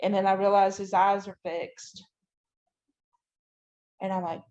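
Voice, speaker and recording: A woman's voice: medium pitch, level tone, normal speed, pauses often, darkish tone. A woman guest on a podcast, giving a detailed personal account and often using "you know" and "I'm like". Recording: dull, lo-fi audio.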